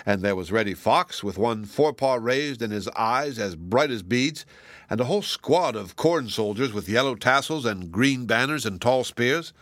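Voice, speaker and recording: Bright, lively male storyteller. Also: medium pitch, moderate pace, no room sound, studio quality. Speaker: narrator. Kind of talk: storybook reading.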